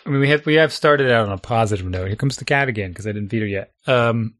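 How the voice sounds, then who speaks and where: A man's voice: medium pitch, quick pace, a bit bright. A middle-aged man chatting casually as a podcast co-host, reflective, thinking aloud and laughing often. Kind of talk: casual chat.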